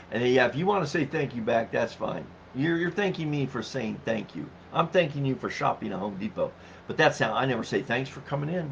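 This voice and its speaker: A middle-aged man hosts a relaxed livestream at mid pitch, his voice gravelly with fry. He chats loosely, laughs often and reads viewer comments out loud. The audio is dull and lo-fi, with a faint hiss behind him. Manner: chatty, laughs easily, reads comments aloud. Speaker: livestream host reading chat. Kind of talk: casual live-stream chat. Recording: dull low-fi stream audio with faint noise.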